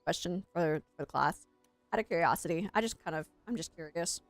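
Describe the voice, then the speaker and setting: A woman's voice: fairly low pitch, fairly quick, no echo, faint music behind. A woman streamer chatting on a live gaming stream, rambling and self-deprecating, who also works as an English teacher.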